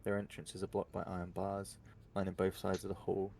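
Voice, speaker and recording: A man narrating as dungeon master of a tabletop game, relaxed and descriptive, with frequent ums. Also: sits low, fairly quick, gravelly, slight background noise.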